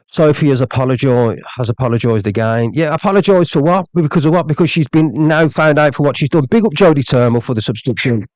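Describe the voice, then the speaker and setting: A man's voice: medium pitch, lively intonation, fast talker, hardly any pauses, darkish tone, dry recording. A man on a live stream, ranting angrily with lots of swearing, repeating himself and reading out viewer comments. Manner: angry, profane, repeats "you know what I mean".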